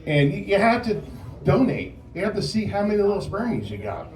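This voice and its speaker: A man in his forties doing a stand-up set at an open mic, telling stories and acting out shouting drill instructors, with the audience laughing. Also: high-pitched, sing-song, fairly quick, far from the mic. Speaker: stand-up comedian. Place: comedy club stage. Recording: roomy club sound from off mic with loud crowd laughter.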